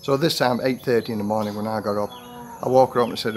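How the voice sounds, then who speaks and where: Fairly low and darkish in tone, the man speaks quickly and steadily. He's a retired vlogger in his sixties delivering a storytelling monologue to camera, wandering through an anecdote with restarts and dramatized quotes.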